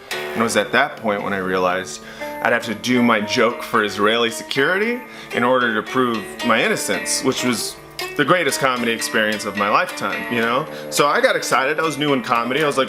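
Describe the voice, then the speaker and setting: A man's voice: medium pitch, brisk. Storytelling stand-up man, music behind. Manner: animated storytelling with impressions and sound effects. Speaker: stand-up comedian.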